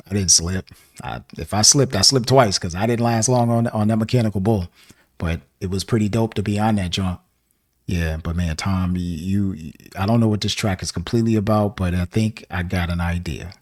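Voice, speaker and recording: A man from the American South hosting a music reaction video, chatting casually and rambling with lots of fillers and laughs. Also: on the low side. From Southern United States.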